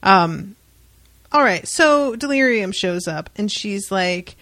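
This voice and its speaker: A woman's voice: mid-range voice, expressive, slow pace, a bit bright, no echo. A young woman co-hosting a casual podcast, retelling a comic story with wry, profane asides and quoted voices. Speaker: podcast co-host. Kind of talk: casual book-club chat.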